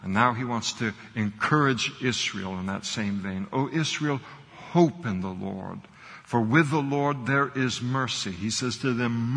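A man's voice: mid-range voice, measured pace, a bit bright, big-room sound. A man preaching a sermon as pastor, earnest and building to emphatic repetition. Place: church sanctuary.

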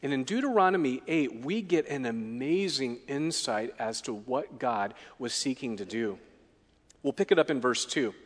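A man's voice: mid-range voice, lively intonation, normal speed, big-room sound. A male pastor preaching a sermon in a conversational style, often tagging his points with "right?" and acting out the quoted lines with dramatic swings.

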